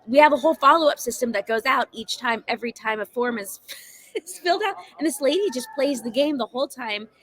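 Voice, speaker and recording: A woman guest in a casual chat, telling stories in a relaxed way with drawn-out fillers. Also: high voice.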